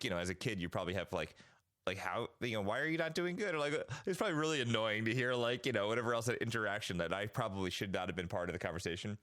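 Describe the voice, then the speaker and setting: A man's voice: on the low side, fairly bright tone, no echo, studio quality. A man co-hosting a podcast, telling rambling, loose stories full of fillers in casual chat. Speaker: podcast co-host.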